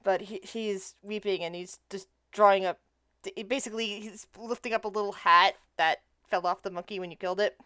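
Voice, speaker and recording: Bright, crisp woman running a tabletop game. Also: medium pitch, steady tone, dry recording, studio quality. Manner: halting, restarts mid-phrase while describing scenes. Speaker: game master.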